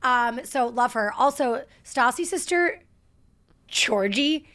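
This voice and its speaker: A woman in her thirties co-hosting a podcast, talking in a rambling, animated rush. Her voice sits a bit high, and she packs her sentences with "like" and restarts. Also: slow pace. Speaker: podcast co-host. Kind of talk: casual chat.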